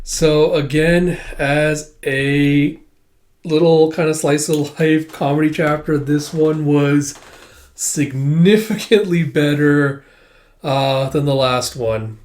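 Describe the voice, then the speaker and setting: Brief: a man with a slightly high voice, loosely talking through a comic, rambling with many restarts. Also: slow, a little mellow. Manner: rambling, full of fillers and restarts. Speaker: comic reader and commentator. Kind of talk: casual commentary.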